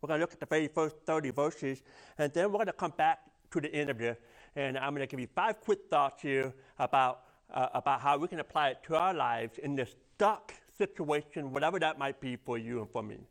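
A man's voice: fairly high pitch, fairly quick. A man preaching a sermon, telling a personal story with many stammered restarts. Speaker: pastor.

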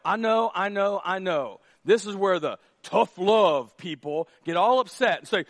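Higher-voiced male pastor preaching a sermon. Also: animated, measured pace. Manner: conversational, drops to a hush for acted dialogue, then rises to near shouts. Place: church auditorium stage.

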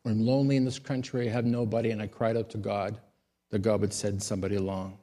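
A man, a pastor, giving a sermon: he tells stories in a quiet voice and rises to loud, emphatic high peaks. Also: flat delivery, fast.

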